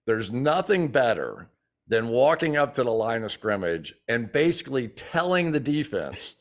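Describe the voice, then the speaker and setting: An older man in his sixties talks football in a relaxed interview. His pitch is middle, and he brings his anecdotes to life by acting out the people in them. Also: moderate pace. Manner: animated storyteller who acts out quotes. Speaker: former football player and TV analyst. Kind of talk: casual interview chat.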